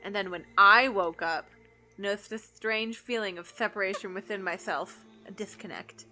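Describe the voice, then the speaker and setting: A woman reading the lines of a calm, reserved teenage girl detective, explaining in a cool, measured way. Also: medium pitch, faint music behind. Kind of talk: reading game dialogue aloud.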